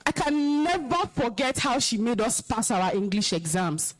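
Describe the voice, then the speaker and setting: A woman's voice: fairly high pitch, sing-song, a little slow, low-quality recording. Stern Nigerian woman scolding students. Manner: scolding, commanding, emphatic. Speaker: alumna guest speaker, compere. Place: school hall, live event.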